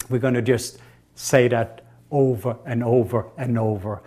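A man preaches at a middle pitch, slowly building short lines of affirmation. He repeats each phrase so listeners can say it after him. The sermon flows into a gentle prayer. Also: steady tone.

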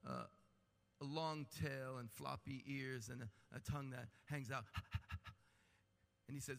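A man preaching a sermon with animated delivery and humorous asides. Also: medium pitch, measured pace, gravelly. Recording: long hall reverb.

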